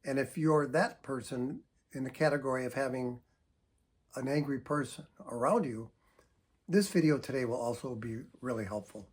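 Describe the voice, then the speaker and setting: An older man, a psychotherapist, giving earnest, emphatic advice straight to camera and showing how to sigh out deep breaths. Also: normal speed, husky. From United States. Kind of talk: direct-to-camera advice talk.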